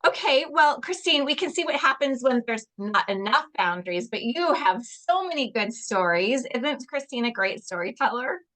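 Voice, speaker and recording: A woman's voice: a little high, sing-song, normal speed, hardly any pauses, bright, forceful tone. A woman coach hosting an online workshop over a video call, encouraging and reading out audience replies. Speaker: confidence coach, session host.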